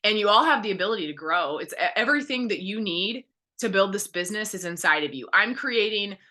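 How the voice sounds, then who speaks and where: Brief: woman, 30s, team leader, bright voice, candid and rambling, pep-talk delivery. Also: mid-range voice, lively intonation, fairly quick. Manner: candid, encouraging, rambling with many fillers. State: close to tears. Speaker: direct sales team leader. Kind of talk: motivational team call talk.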